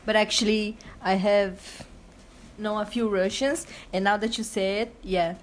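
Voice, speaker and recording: A woman's voice: medium pitch, fairly even intonation, a little slow, a little hiss or hum. A young woman from Brazil co-hosting a podcast, chatting casually and laughing often. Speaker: podcast co-host. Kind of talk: casual chat.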